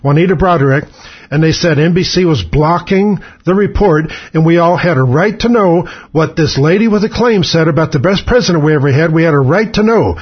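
Fired-up radio guy cussing and ranting, kinda raspy, slightly high voice, dull lo-fi audio. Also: expressive, fairly quick. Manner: angry, profane, sarcastic ranting. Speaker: talk radio host. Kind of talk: political rant monologue.

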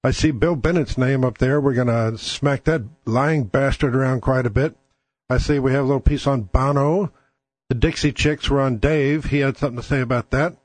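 A man's voice: mid-range voice, no room sound. A man hosting his own show in a casual monologue, blunt, crude and sardonic, speaking close to the mic. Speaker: podcast host.

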